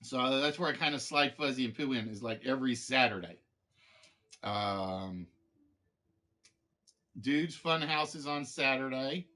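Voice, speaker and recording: A man's voice: mid-range voice, measured pace, pauses often, bright, forceful tone. A man hosting a live game show stream, chatting casually with viewers in a rambling way, full of fillers and restarts.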